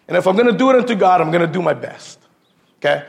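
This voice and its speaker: A man's voice: high voice, lively intonation, fast, gravelly. A man giving an informal sermon built on personal stories, talking casually with slang and repeated words and calling listeners "bro.". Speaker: lay preacher.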